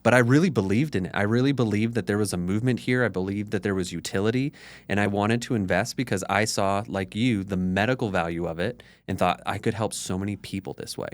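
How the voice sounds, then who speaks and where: A man in his thirties, guesting on a podcast, tells his story in a candid, conversational, casual interview style, saying "like" constantly. His voice is on the low side and he talks fast.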